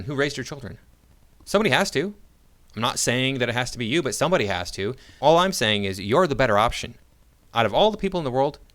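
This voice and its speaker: American man, reaction commentator, sarcastic and argumentative, halting delivery, mid-pitched. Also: fairly bright tone. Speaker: online commentator.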